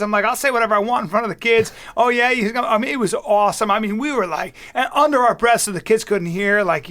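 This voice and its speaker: A man's voice: high voice, lively intonation, fairly quick, pushed and bright. A middle-aged man co-hosting a podcast, telling long jokey stories in casual chat with many restarts. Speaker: podcast co-host.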